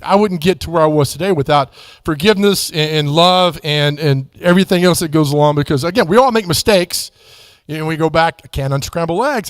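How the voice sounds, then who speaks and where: A man's voice: fairly high pitch, no room sound, studio quality. A man speaking at a church as a guest author, telling faith stories in an earnest, folksy way. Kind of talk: conversational church testimony with storytelling.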